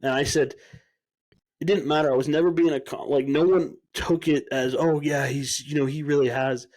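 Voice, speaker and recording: A man's voice: fairly high pitch, steady tone, moderate pace, darkish tone. A young man co-hosting a casual podcast, telling stories with energy, acting out quoted dialogue and swearing freely. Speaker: podcast co-host. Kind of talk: casual chat.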